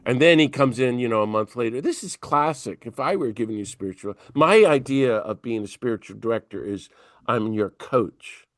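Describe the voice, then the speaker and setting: A man's voice: medium pitch, normal speed, no echo. A man, a priest, telling a story as an interview guest and acting out the dialogue with energy. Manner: animated storyteller who acts out dialogue. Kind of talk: conversational storytelling.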